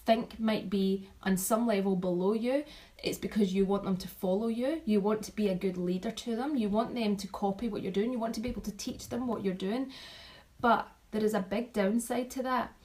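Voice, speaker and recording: A woman's voice: medium pitch, normal speed, rough recording. Chatty woman sharing takeaways. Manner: chatty, repeats and restarts, animated asides. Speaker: vlogger sharing event takeaways. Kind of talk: casual talk to team.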